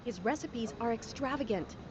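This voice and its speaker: A woman playing a brisk, practical train worker. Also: on the high side, expressive, background noise, close to an everyday voice.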